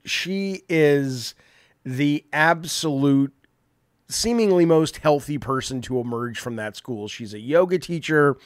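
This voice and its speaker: A man hosting a livestream, swearing heavily and swinging from low mumbled asides to loud indignant rants. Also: clear, resonant tone, no room sound, clean studio sound. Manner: heavy swearing. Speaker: livestream host. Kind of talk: profane livestream rant.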